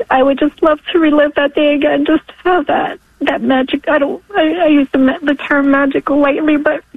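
A New York woman in her forties calls in to give a testimony over a tinny, dry phone line with no room sound. Her high voice is emotional and tearful, and she breaks into laughs along the way.

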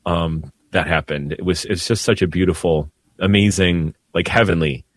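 A man, a priest, telling heartfelt stories in an animated way on a radio talk show. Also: deep voice, normal speed, no echo. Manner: emotional, animated storyteller with laughs. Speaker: priest guest. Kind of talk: storytelling radio conversation.

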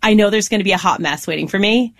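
A woman's voice: medium pitch, fast talker, dry recording. Affirming woman host, dry close sound. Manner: warmly affirming, emphatic, interjects. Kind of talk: casual podcast chat.

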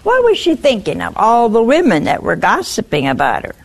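A woman's voice: fairly high pitch, a little fast, vocal fry. A woman preacher delivering a sermon, talking straight to her listeners and asking them questions. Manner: animated, questioning the listeners directly.

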